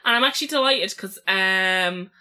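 A woman's voice: mid-range voice, normal speed, pushed and bright, clean tone. A woman, co-hosting a casual chat, talking easily and laughing often. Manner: chatty, laughing, easygoing.

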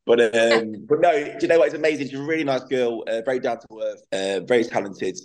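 A man's voice: medium pitch, fast talker, rough recording. A young man from England, a DJ and presenter chatting casually as an interview guest, rambling a little with fillers.

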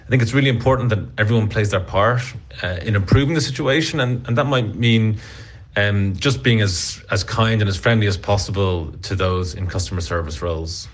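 A man with a fairly low voice giving an official statement. He speaks in a measured, formal way as an industry spokesperson.

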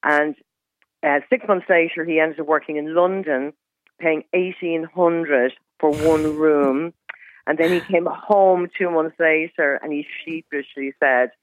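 A middle-aged woman calling into a radio show, telling stories and giving firm, brisk advice. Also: low-pitched, fairly even intonation, slight background noise. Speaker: caller. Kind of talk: phone-in chat. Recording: tinny phone line.

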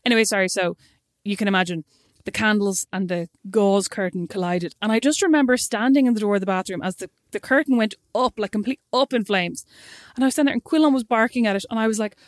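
A young woman co-hosting a podcast, retelling her own mishaps in an animated, dramatic way. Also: medium pitch, fast talker, no echo, clean studio sound. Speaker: podcast co-host. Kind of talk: casual chat.

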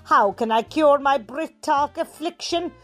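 A brazen, gossipy countrywoman, played by a woman, tells her tale in a North Cork accent. Her voice sits very high, and her delivery is bawdy and loose. Faint music runs underneath. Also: a little slow, fairly bright tone. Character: brash rural Irish woman writing in for advice. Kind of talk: comic radio sketch.

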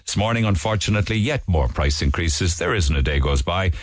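Irish male radio host, low voice, rambling chatty newspaper review, dry studio sound. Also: animated, a little fast, dry recording. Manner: chatty and digressive, with frequent restarts and asides. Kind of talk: casual newspaper review chat.

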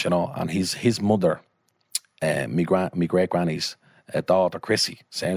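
An Irish man in casual conversation with a low voice. He tells a story with swearing and quick put-on voices. The recording is dry and close. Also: creaky, dry recording. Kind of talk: casual anecdote.

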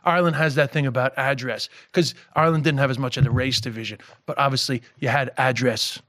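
A comedian from Queens with a strong New York accent, talking casually on a podcast, animated and swearing freely. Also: mid-range voice, fast, no echo, clean studio sound. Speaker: comedian guest.

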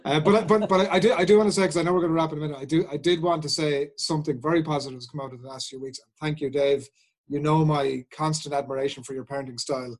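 A man co-hosting a podcast tells his story with lively energy. His voice sits a little high, and he acts out the lines he quotes. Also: quick pace, rough recording. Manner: animated storytelling, acting out quotes. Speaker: podcast co-host. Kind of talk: casual chat.

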